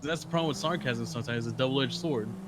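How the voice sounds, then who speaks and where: A man in casual chat, calmly explaining another person's view. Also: medium pitch, quick pace, background noise.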